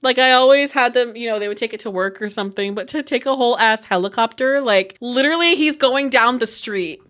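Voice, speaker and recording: A woman hosting casual gameplay commentary, animated and laughing often as she exclaims at the game. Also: a little high, fairly quick, hardly any pauses. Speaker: gaming channel host.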